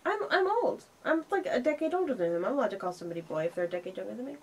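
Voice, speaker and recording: A woman's voice: medium pitch, big pitch swings, rapid-fire, slightly rough. A woman co-hosting a casual film review chat, sardonic and acting out the characters' lines as she recaps.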